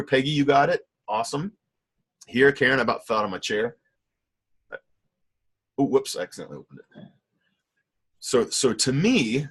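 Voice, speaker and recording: A man's voice: mid-range voice, fairly bright tone. A middle-aged man teaching an online painting class, critiquing students' work in an enthusiastic, rambling way. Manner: enthusiastic, rambling, with many fillers and self-corrections. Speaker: art teacher.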